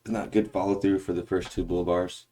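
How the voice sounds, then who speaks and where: Early in the morning, a man casually walks through a breakdown of a trading chart, rambling, correcting himself, and drifting off on tangents. His voice is low and mellow with a flat delivery at a moderate pace. Now and then he hiccups.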